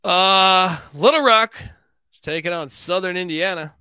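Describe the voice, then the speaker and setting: A man with a bright, forceful voice, pitched a touch high, running through his betting picks in a loose, joking way. He swears freely and laughs often. The sound is dry and close, with no room around it. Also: unhurried, smooth, dry recording. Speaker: sports betting podcast host. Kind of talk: casual betting picks chat.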